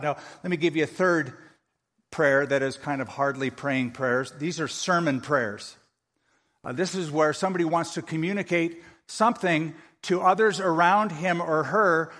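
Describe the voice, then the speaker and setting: A man preaching a sermon as pastor, lively and humorous, acting out other people's prayers to make his points. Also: a little high. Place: church sanctuary. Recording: long reverb of a large hall.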